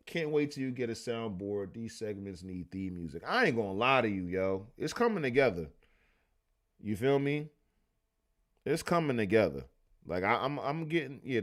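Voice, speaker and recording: A man hosting a casual livestream, reading old newspaper clippings aloud and retelling stories in loose, profane slang. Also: mid-range voice. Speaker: livestream host.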